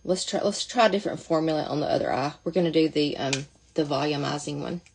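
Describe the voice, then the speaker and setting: A woman's voice: sits low, fairly even intonation, quick pace, gravelly, darkish tone, slight background noise. A woman talking casually through a makeup demonstration, chatty and thinking aloud as she goes. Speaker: makeup seller demonstrating products.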